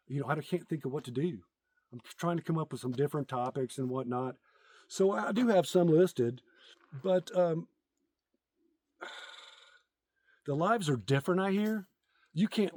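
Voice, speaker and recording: A middle-aged man telling crude, rambling jokes outdoors in a casual comedic vlog, with many ums and uhs. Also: mid-range voice. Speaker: content creator.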